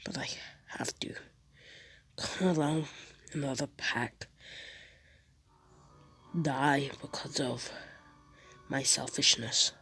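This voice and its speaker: A woman's voice: rumbling low, fairly even intonation, slow pace, pauses often, fairly bright tone, slightly rough, exaggerated voice. A woman with a cold voicing a brooding teenage werewolf boy, murmuring in a half-whispered inner monologue. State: congested from a cold.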